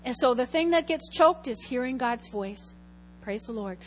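A woman pastor preaching a sermon, lively and chatty, calling out to her congregation for answers. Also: fairly high pitch, normal speed. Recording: hall reverb, faint hum.

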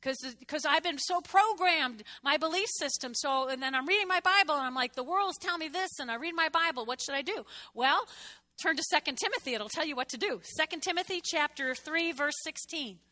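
A woman pastor in her sixties preaching a chatty, animated sermon with asides to the congregation. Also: high-pitched, a little fast.

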